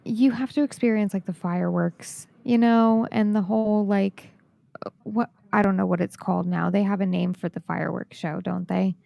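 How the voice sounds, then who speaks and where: A woman's voice: medium pitch, fairly even intonation, normal speed, vocal fry, mellow, no echo. A woman co-hosting a podcast, chatty and gushing, who sometimes searches for her words. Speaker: podcast co-host. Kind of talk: casual podcast chat.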